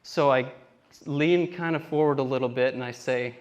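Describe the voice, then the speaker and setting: A man's voice: mid-range voice, moderate pace, dull audio. A young man doing a stand-up comedy set on a theater stage, telling rambling, self-deprecating stories and acting out what people said. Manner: rambling self-deprecating storytelling with acted-out quotes.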